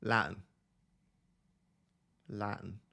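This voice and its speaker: A man's voice: fairly low pitch, steady tone, extremely slow, gravelly, sharp tone. A young man with an Essex accent, hosting a casual live stream and chatting back to his viewers. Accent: Essex English. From Essex, England. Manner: chatty, reads and answers viewer chat. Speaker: livestream host. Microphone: close desk microphone.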